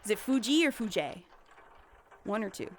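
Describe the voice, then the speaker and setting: A woman's voice: medium pitch, lively intonation, normal speed, a little hiss or hum. A young woman livestreaming, chatting casually and rambling with giggles and restarts.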